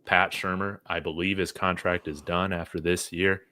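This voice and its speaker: A man's voice: sits low, little pitch movement, moderate pace, bright, forceful tone, no room sound. A man co-hosting a sports podcast, talking bluntly and with exasperation, often saying "man" and "dude". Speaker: podcast co-host. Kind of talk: casual sports podcast chat.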